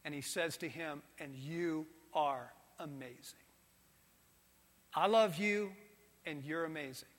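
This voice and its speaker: Man, preacher, high voice, bright tone, animated sermon delivery, loud to hushed. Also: long reverb tail. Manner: animated, swinging from loud to soft and intimate.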